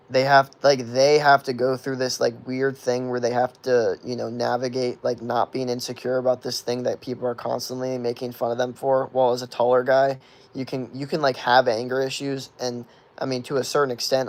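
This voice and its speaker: Gravelly young man rambling casually. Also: medium pitch. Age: 20s. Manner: rambling, filler-heavy with constant "like", swears freely. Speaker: streamer answering chat questions. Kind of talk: casual livestream chat.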